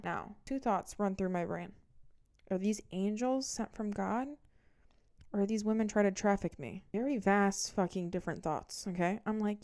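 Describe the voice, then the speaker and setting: A young woman in her twenties tells a messy breakup story on her vlog. She swears freely and performs each moment with animated, dramatic flair. Her delivery is brash and conversational, like gossip shared with a friend. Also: mid-range voice, normal speed. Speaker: vlogger.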